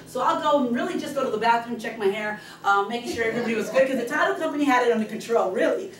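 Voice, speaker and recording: A middle-aged woman in real estate talks her team through her routine with quick, passionate energy, getting loud when she is excited. Her voice sits a little high and rings around an echoey meeting room, picked up from a distance with faint room noise. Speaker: real estate agent guest speaker. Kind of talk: training talk to a team meeting. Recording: echoey room, speaker far from the camera mic.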